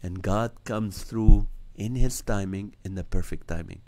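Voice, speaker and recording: On his nightly live stream, a comedian shares a personal testimony with his live audience, earnestly performing the dialogue himself. His lowish voice has a darkish tone, and he talks a little slowly.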